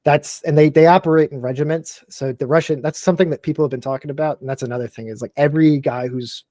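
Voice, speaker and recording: Animated man in his forties. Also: fairly high pitch, fast, no room sound, studio quality. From Texas and Tennessee, USA. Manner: animated, emphatic, fills speech with "like", swears freely. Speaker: podcast guest, military veteran. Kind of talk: casual chat.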